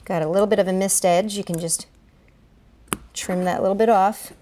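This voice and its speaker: A woman's voice: medium pitch, fairly even intonation, normal speed, mellow, a little hiss or hum. Chatty woman demonstrating a craft. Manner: chatty, narrates each step aloud while working with her hands. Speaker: children's event planner and craft entertainer. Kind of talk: step-by-step craft tutorial.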